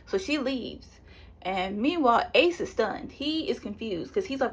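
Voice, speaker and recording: Woman, casual tv recap, lively retelling, slightly high voice. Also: a little slow, slightly rough. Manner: chatty, animated retelling with quoted voices and laughs. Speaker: reality show recap vlogger. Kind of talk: casual spoiler review.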